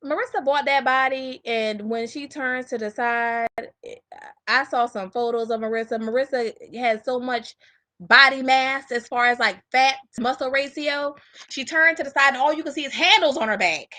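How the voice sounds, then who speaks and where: A woman's voice: high voice, fairly even intonation, moderate pace, bright, forceful tone. A woman giving blunt, mocking reaction commentary.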